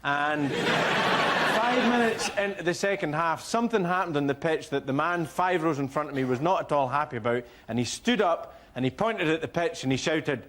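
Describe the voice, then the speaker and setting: A man's voice: fairly high pitch, moderate pace, slight background noise. Scottish man doing dry stand-up. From Scotland. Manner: dry storytelling, builds to a shouted punchline. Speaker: comedian. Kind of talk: stand-up routine. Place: TV studio with a live audience. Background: audience laughter.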